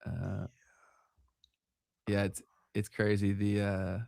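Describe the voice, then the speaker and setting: A man's voice: lowish voice, monotone, slow pace, vocal fry, mellow, no echo, studio quality. A blunt, opinionated young man from Canada, co-hosting a casual podcast chat with frequent restarts. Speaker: podcast co-host.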